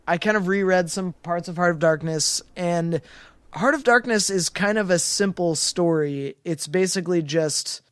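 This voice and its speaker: A man co-hosting a podcast who speaks in a fairly high, smooth and resonant voice. He rambles and restarts often as he hunts for the right words. The sound is dry and close to the mic. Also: moderate pace, no echo. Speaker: podcast co-host. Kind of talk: casual film discussion.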